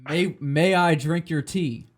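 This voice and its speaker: A man's voice: a little high, voice pushed up. A man voicing a stern old male tea shop owner who barks curt orders. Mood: commanding. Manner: curt commanding orders, slow and loud.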